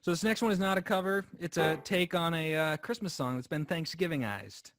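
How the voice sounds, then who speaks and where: A man's voice: fairly high pitch, fairly quick, over music. A man who is a guest musician, chatting with dry, playful humor and singing comic parody songs. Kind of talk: comedic song parodies with guitar.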